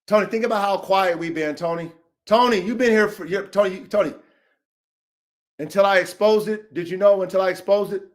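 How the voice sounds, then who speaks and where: Podcast host, male, high-pitched, profane and confrontational, heated casual rant. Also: fairly quick. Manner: profane, confrontational, repetitive, calls out names.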